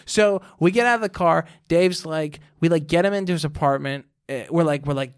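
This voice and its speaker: A man's voice: fairly high pitch, brisk, hardly any pauses, clean tone. A young man telling a rambling college story in casual chat, full of "like" and acted-out dialogue. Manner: rambling, animated storyteller with lots of "like".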